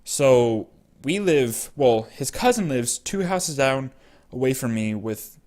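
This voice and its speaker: A man's voice: mid-range voice, animated, slow pace, a little mellow. A young man vlogger casually telling a personal story, rambling with many fillers.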